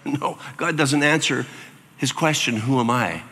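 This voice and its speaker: An older man preaching a sermon as pastor, animated and acting out voices with sudden jumps in pitch. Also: a little slow, big-room sound.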